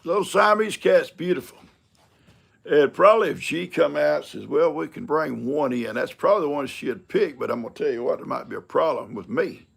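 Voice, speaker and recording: A man's voice: on the high side, lively intonation, fairly quick. An older man, rambling folksy and chuckling as he hosts a casual live stream. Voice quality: gravelly, husky. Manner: folksy, rambling and chuckling, talks to his cats. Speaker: livestream host.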